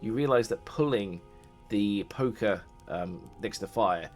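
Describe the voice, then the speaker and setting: A man's voice: fairly low pitch, a little slow, soft background music. A man narrating a tabletop game as dungeon master, casual and rambling. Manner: rambling, many fillers and restarts.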